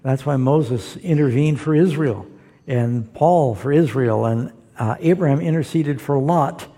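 In a long hall reverb, a man preaching as a pastor explains Bible verses to a live audience, emphatic and explanatory. His voice is medium in pitch, dark in tone, and unhurried.

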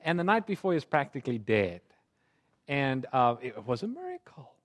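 A man preaching a sermon through a personal story, his delivery swinging from hushed tones to fervent pleading. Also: mid-range voice, big pitch swings, normal speed.

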